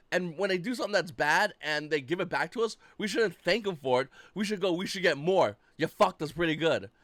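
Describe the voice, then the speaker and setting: Guy with a kinda high voice ranting about card games, cussing a lot, dry close sound. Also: no room sound. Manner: blunt, profane, animated. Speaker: YouTube card-game commentator. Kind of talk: casual ranting commentary.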